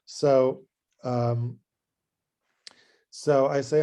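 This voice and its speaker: Man with a very dark, mellow voice. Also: mid-range voice, unhurried, pauses often. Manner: conversational, animated anecdote telling with frequent restarts. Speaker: rabbi and lecturer. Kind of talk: adult education lecture with storytelling.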